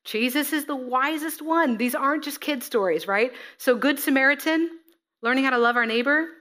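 A woman preaching a sermon, reading scripture and acting out the figures with lively expression. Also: high voice, normal speed. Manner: expressive, acts out scripture figures, laughs at herself.

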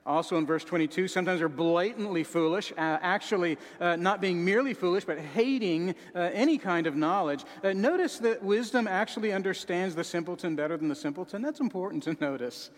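A man preaching a sermon with dramatic swings, dropping to a soft sorrowful voice and rising to shouts. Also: high voice, fairly quick, few pauses, long reverb tail.

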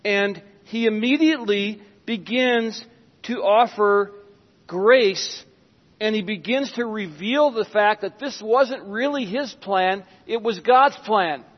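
A man with a high voice preaches slowly and deliberately, letting his words stretch out. His delivery turns dramatic, sinking to a hush and then rising again as he acts out Bible scenes. The sound is dull and lo-fi, with a long reverb tail from a large church hall. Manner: dramatic, with sudden hushed drops and acted-out quotes. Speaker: pastor. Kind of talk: sermon.

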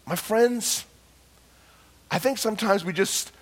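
A middle-aged male pastor preaching a sermon, telling a personal story with emotional swings from hushed murmurs to loud cries. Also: high-pitched, slow.

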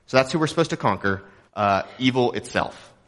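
A man's voice: mid-range voice, lively intonation, a little fast, fairly bright tone. Joking conversational man preaching a sermon. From Texas. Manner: conversational and joking, with rhetorical questions. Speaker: pastor. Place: church auditorium.

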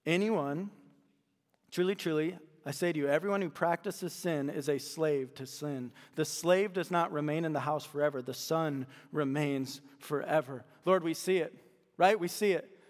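A man's voice: on the high side, normal speed. Emphatic man preaching in a reverberant hall. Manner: emphatic preaching with repeated phrases. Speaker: pastor. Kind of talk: sermon.

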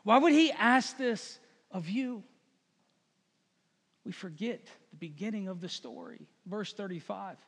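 High-voiced preacher man in a reverberant hall. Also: lively intonation, a little slow, pauses often, breathy edge. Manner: earnest, emphatic preaching with repeated phrases. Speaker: pastor. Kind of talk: sermon.

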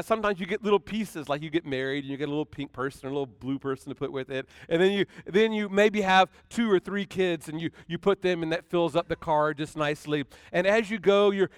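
A man pastor preaching a conversational sermon in a high, clear, resonant voice. He restarts phrases often and recites scripture with dramatic weight. The recording is dry, with no room sound. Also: no room sound.

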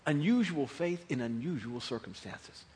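Male preacher, animated humorous storyteller, a touch high-voiced. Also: moderate pace. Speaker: pastor. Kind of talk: sermon.

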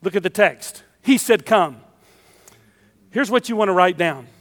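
High-voiced preacher in a reverberant sanctuary. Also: male voice, expressive, a little slow. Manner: emphatic, repeating key phrases. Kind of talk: sermon.

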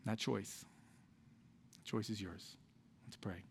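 A man, a pastor preaching a sermon in a church and telling a personal story in an earnest, conversational way that drops to soft, quiet lines. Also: on the low side, fairly even intonation, takes it slowly, vocal fry, slight background noise. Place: church sanctuary.

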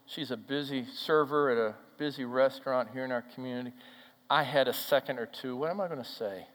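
A man preaching from the pulpit, telling a story and then driving the point home. He moves between loud, ringing declarations and quiet, intimate near-whispers. His voice carries a long reverb off the sanctuary walls, with a mid-range pitch. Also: brisk. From Minnesota, USA. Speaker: pastor. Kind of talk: sermon. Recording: hall reverb.

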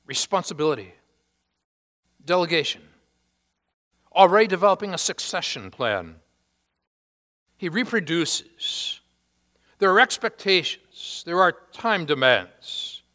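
A male pastor preaching a sermon with long pauses, dropping to a hush and then rising to loud, emphatic peaks. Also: on the high side, sing-song. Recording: hall reverb.

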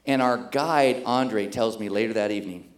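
A middle-aged man pastor telling a story in a sermon, animated and acting out the voices of the people in it. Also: fairly low pitch, normal speed, echoey room. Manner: animated, acts out quoted voices.

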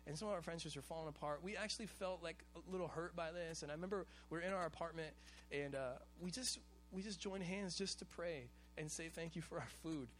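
A high-pitched male pastor from Hawaii delivers a sermon in a loose, conversational manner, telling stories with casual slang. A faint hum runs under the recording. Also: brisk.

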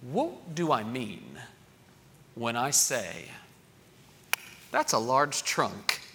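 A middle-aged man preaching a sermon in a lively way, acting out voices of children he quotes. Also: mid-range voice, drawn-out words, vocal fry, a little hiss or hum. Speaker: pastor.

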